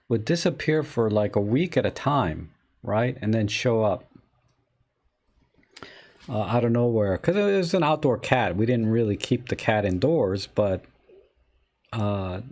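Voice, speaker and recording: A man's voice: mid-range voice, darkish tone. A middle-aged man hosting a casual live photography chat, rambling and telling stories with many fillers. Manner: rambling, chatty storytelling with fillers. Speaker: live stream host.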